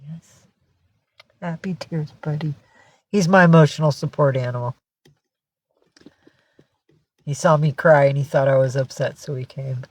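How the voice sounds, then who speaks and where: A teary woman chatting casually with viewers on a livestream from home, cooing softly in baby talk to her cat. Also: very deep voice, fairly even intonation, fast talker, hardly any pauses.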